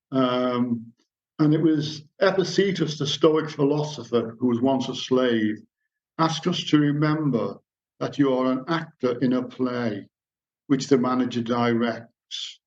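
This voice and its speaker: A man in middle age lectures to a society gathering, weaving anecdotes into his talk and reading passages aloud. His voice sits at an ordinary pitch. The recording is dull and lo-fi. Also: darkish tone. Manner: storytelling, reads passages aloud.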